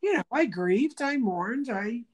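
A woman's voice: fairly high pitch, a little slow. A woman talking casually in an interview, acting out quoted speech as she tells stories and restarting phrases as she thinks aloud. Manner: animated storyteller who acts out quoted speech.

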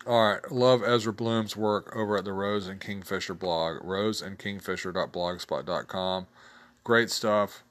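Chatty man with a lowish voice. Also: fairly even intonation, measured pace, a bit bright. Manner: chatty, rolls on tables aloud, laughs at own jokes. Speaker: host reviewing tabletop game blogs. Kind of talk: casual solo commentary.

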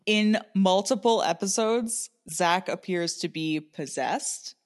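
A woman's voice: mid-range voice, slow pace. A woman co-hosting a podcast, telling a story in a chatty, sarcastic way and swearing freely. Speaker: podcast co-host.

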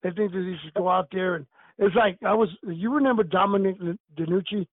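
A man's voice: high-pitched, a little fast, no echo. An older man, a retired wrestler, telling stories in a casual chat over the phone. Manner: storytelling, animated. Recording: tinny phone line.

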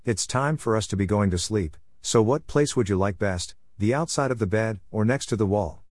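Man reading as carefree, stubborn young wanderer; low voice, dry sound. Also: normal speed, a little mellow, no room sound, natural voice. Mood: stern, assured.

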